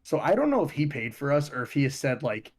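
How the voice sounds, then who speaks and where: A young man from Ohio co-hosting a podcast, telling stories in a profane, animated way. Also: medium pitch, quick pace. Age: young adult. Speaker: podcast co-host. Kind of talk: casual chat.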